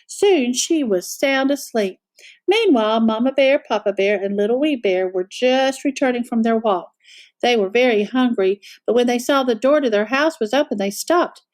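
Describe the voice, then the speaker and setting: A woman reading a children's picture book aloud as a storyteller, expressive and animated. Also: on the high side, moderate pace.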